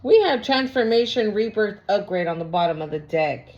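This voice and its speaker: Woman tarot reader, casual, profane, blunt, mid-pitched, lo-fi sound. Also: expressive, moderate pace, a little mellow, a little hiss or hum. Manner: blunt, slangy, profane, laughs often. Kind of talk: casual tarot reading vlog. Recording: lo-fi recording.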